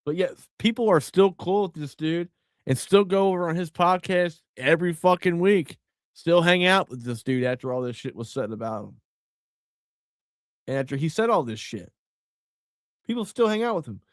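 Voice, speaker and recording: Middle-aged male podcast host, blunt and profane, heated delivery, slightly high voice. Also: expressive, normal speed, no echo, clean studio sound. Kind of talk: casual podcast commentary.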